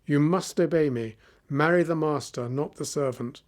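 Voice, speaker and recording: A stubborn village father barks orders at his daughter, as a male narrator reads him. He sounds impatient and commanding, a little high in pitch. It is plain storybook reading. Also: normal speed, lightly acted. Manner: bossy, impatient.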